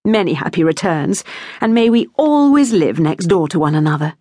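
A woman's voice: lowish voice, sing-song, normal speed, darkish tone, no room sound, clean studio sound. A woman doing a gushing chatty neighbour. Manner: effusive, breathless chatter. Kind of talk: audiobook character voice.

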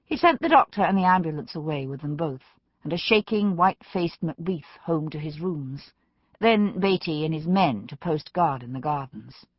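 Woman audiobook narrator, measured, slightly muffled studio sound, dry. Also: low-pitched, lively intonation, no echo. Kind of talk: scripted narration.

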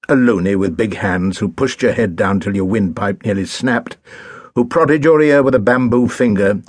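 Low husky male audiobook narrator. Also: no room sound. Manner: measured, wry storytelling. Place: recording studio.

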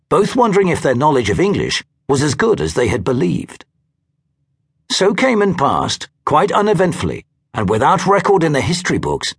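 Husky, lively male audiobook narrator. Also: fairly high pitch.

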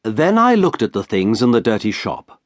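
A man narrating an audiobook in the first person with a slow, careful delivery. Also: lowish voice, sing-song, no room sound. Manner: slow, carefully paced reading.

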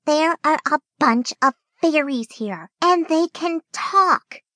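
An eager little boy with a bright, high voice, as a woman puts him on for a storybook. He sounds close and dry, with no room around him. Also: fairly even intonation, very slow, no room sound. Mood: excited. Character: excited young boy, little brother.

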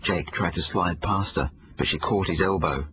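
A man reading his own children's book aloud, expressive storytelling. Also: sits low, moderate pace, lo-fi sound, slight background noise. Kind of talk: audiobook narration for children.

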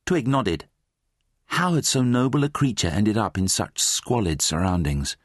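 A man's voice: fairly low pitch, measured pace, no echo, clean studio sound. A man narrating a children's fantasy audiobook, reading expressively. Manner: expressive, voices many characters. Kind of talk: scripted storybook narration.

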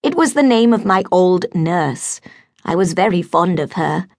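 A woman voicing a gentle older spinster governess in an audiobook, earnest and pleading. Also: on the low side, expressive, a little slow, dry recording, studio quality.

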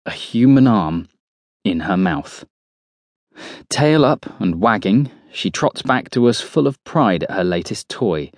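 A man narrating a horror audiobook in the first person, measured and tense. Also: fairly low pitch, lively intonation, darkish tone, no room sound, clean studio sound.

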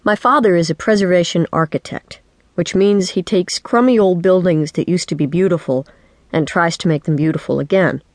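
A woman narrating a children's book in the first person, with lively, wry storytelling. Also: fairly low pitch, moderate pace, dry recording. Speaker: audiobook narrator. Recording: dry studio audiobook.

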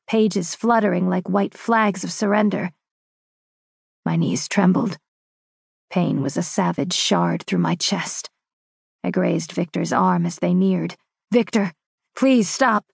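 Slow, gravelly woman narrating an audiobook. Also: fairly low pitch, darkish tone, no echo, clean studio sound. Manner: dramatic, measured and intense. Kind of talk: first-person fantasy romance narration.

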